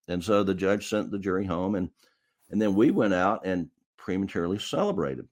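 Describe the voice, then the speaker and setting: A very deep-voiced middle-aged man with a drawl, telling stories in a loose, rambling way. He is a lawyer recounting old trials, and he keeps stumbling over and repeating words as he finds his thread. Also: expressive, a little fast. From South Carolina. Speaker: defense lawyer guest. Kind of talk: casual storytelling.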